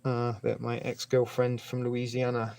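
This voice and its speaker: A man with a gravelly, creaky voice hosts a casual live stream, rambling from one thing to the next. His pitch sits in an ordinary middle range, and he keeps chatting to his viewers by name as he goes. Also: monotone, a little slow, a little mellow.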